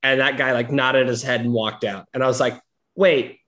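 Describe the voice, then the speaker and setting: A man's voice: mid-range voice, level tone, a little fast, sharp tone. A young man hosting a casual movie discussion, chatty and rambling as he leads the talk. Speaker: podcast host. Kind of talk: casual chat.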